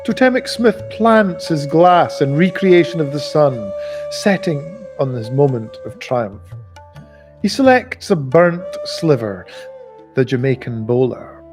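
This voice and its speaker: Expressive man reading a novel aloud. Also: a little high, measured pace, music in the background. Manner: expressive, voices the characters. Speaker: audiobook reader.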